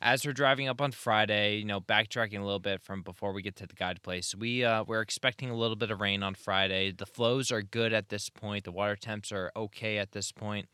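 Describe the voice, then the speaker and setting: A man's voice: on the low side, fairly even intonation, fairly quick, few pauses, sharp tone, smooth, no room sound, clean studio sound. A man co-hosting a podcast, recounting a trip in a laid-back, casual storytelling way. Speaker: podcast co-host. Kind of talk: casual chat.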